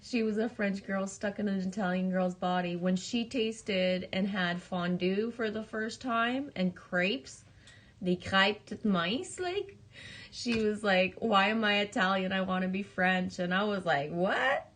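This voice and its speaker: Woman streamer, relaxed slow casual chat with frequent giggles, warm greetings to viewers. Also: medium pitch. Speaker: live streamer reading oracle cards.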